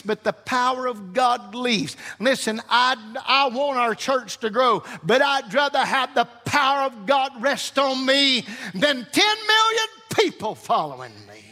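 High, bright-voiced fervent male preacher. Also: expressive, unhurried, few pauses. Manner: fervent, shouting, with sudden soft drops. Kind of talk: impassioned sermon. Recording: long reverb of a large hall.

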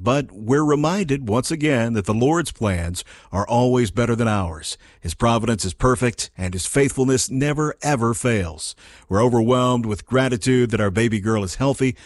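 A man reading scripted gospel music news as the anchor, measured and formal. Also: medium pitch, dry recording, clean studio sound.

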